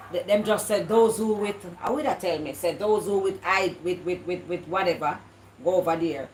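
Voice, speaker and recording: Jamaican woman vlogger, lowish voice, rambling patois chat, echoey room with faint hum. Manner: chatty, patois-laced, stumbles and repeats words. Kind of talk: casual live-stream chat.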